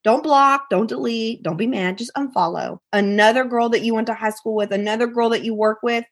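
A woman's voice: on the high side, fairly quick. A woman podcast guest giving candid, emphatic advice and acting out what her friends said. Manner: emphatic, repeats phrases, acts out friends' voices.

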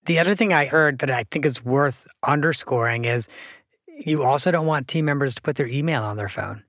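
A man with a mid-range voice hosts a podcast interview, affirming his guest and telling stories in an animated way. His voice sits close and dry with no room sound. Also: medium pitch, fairly quick, no echo. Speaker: podcast host. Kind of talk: casual interview conversation.

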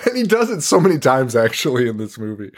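A man's voice: mid-range voice, very animated, fast talker, noisy background. A man hosting a podcast, recapping a movie in casual chat, swearing a lot, laughing often and rambling. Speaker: podcast host.

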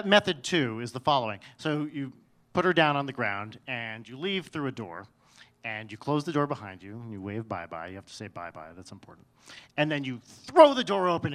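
A man's voice: a little high, a bit bright. A man telling a personal story on stage in a wry, self-mocking way, often restarting his sentences.

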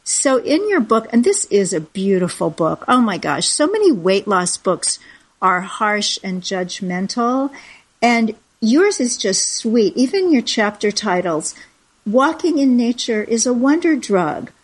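A woman in her seventies interviewing a guest in an effusive manner, quick to laugh. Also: on the high side, big pitch swings, slightly rough. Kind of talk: casual interview chat.

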